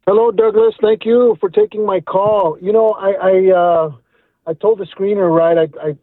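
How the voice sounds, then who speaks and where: A man's voice: high-pitched, steady tone, normal speed, no room sound. A middle-aged man calling in to a radio show, earnest and reflective, restarting his words as he thinks. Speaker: caller. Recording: tinny phone line.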